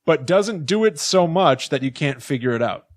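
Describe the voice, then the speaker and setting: A man's voice: a little high, expressive, normal speed, no room sound, studio quality. A man co-hosting a podcast, chatting casually and sarcastically about a horror film, with plenty of fillers. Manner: sarcastic, rambling with many fillers. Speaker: podcast co-host. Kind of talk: casual movie review chat.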